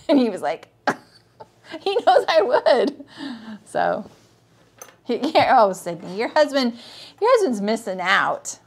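Slow-paced, with long pauses and a slightly high, sing-song voice, a livestream host teaches sewing live. She talks viewers through each step in a chatty manner, greeting them by name and asking "right?" to check in.

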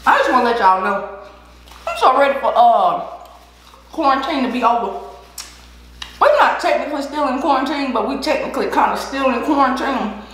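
A chatty woman talks casually while eating on camera. Her voice sits a bit high and swings widely up and down. The room around her sounds echoey and hollow. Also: sing-song, moderate pace, pauses often, fairly bright tone. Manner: chatty, laughing, encouraging. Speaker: vlogger. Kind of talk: casual mukbang chat.

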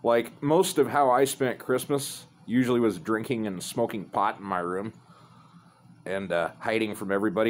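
A man's voice: fairly low pitch, steady tone, moderate pace, a little hiss or hum. Profane man telling a rambling story. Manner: profane, rambling, laid-back. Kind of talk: casual storytelling.

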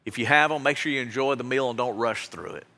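A man's voice: medium pitch, fast, sharp tone. A man preaching as pastor, giving an earnest, heartfelt exhortation to his congregation in a church. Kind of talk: sermon. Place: church sanctuary. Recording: long reverb of a large hall.

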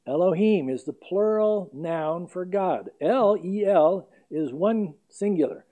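A man preaching an expository sermon as pastor, speaking emphatically and slowing down to stress scripture readings. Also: high-pitched, expressive, warm tone.

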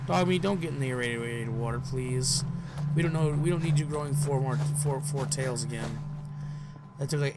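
Man, mid-pitched, for goofy self-talking gameplay commentary with mock outbursts, home desk mic. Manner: goofy, talks to himself and game characters, mock outbursts. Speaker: let's play gamer. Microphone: headphones and desk mic.

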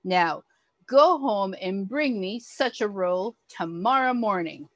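A woman's voice: medium pitch, expressive, takes it slowly, dry recording. A woman voicing an angry, commanding male duke as she reads a picture book aloud to children, roaring his orders. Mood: stern. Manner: roaring, stern and loud.

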